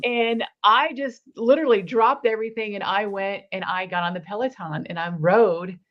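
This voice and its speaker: A woman's voice: medium pitch, normal speed. A woman, a guest in an interview, telling a personal story earnestly and acting out the dialogue in it. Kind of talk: personal testimony in conversation. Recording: slightly dull lo-fi recording.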